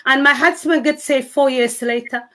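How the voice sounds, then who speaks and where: High-voiced Somali-accented woman. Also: a bit bright. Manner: earnest, halting with restarts and broken grammar. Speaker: guest sharing testimony. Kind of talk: emotional personal testimony.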